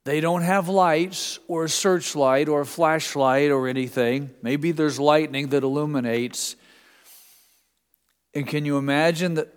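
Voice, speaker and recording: A man's voice: on the high side, unhurried, clean tone, in a large hall. A man preaching a sermon as pastor, talking in a conversational way with restarts and repeated words.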